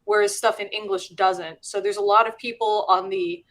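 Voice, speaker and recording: A woman's voice: medium pitch, steady tone, moderate pace, a bit bright. A middle-aged woman hosting a live show, chatting casually and laughing as she explains things. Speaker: host and teacher. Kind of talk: casual live-stream chat.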